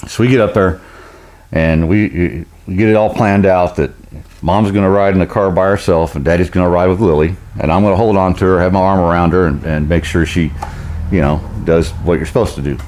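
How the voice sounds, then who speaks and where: A man's voice: low-pitched, fairly even intonation, a little fast, darkish tone. A middle-aged man telling a rambling, folksy story, chuckling often as he goes. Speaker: vlogger. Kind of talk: casual storytelling.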